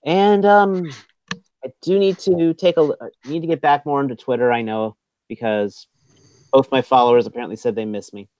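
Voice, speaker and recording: A man's voice: medium pitch, moderate pace, a little mellow, clear, resonant tone, dry recording. Joking man co-hosting, dry sound. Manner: joking, playful. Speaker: podcast co-host. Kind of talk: casual podcast chat.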